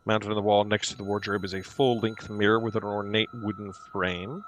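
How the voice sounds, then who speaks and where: A man running a tabletop game as dungeon master, describing scenes slowly with many pauses. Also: fairly low pitch, level tone, a bit bright, slight background noise.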